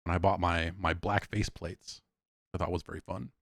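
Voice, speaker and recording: A man's voice: low-pitched, steady tone, normal speed, gravelly, no echo, clean studio sound. A man hosting a podcast, talking casually over a video call, rambling with frequent restarts. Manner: rambling, hesitant, many restarts. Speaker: podcast host. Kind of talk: casual chat.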